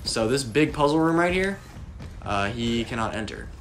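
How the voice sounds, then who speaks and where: A man's voice: mid-range voice, lively intonation, normal speed. A young man playing a video game and chatting casually with friends, walking them through each step as he goes. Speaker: gameplay commentator. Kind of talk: casual let's-play chat. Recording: faint background noise.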